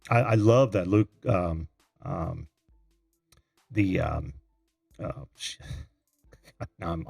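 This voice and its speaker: A middle-aged man hosting a live call-in show, chatting and reading viewer comments, easily flustered and quick to laugh. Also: on the low side, creaky, a little mellow, breathy edge, no room sound, studio quality.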